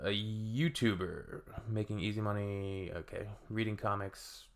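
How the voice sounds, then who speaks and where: A man's voice: lowish voice, measured pace. A man from Canada hosting a reaction video, reading comments aloud with wry, sarcastic asides.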